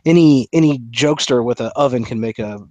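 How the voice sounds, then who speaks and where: A man's voice: medium pitch, brisk, a little mellow, no room sound, dull audio. A man co-hosting a casual sports chat, opinionated and playfully indignant. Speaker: podcast co-host.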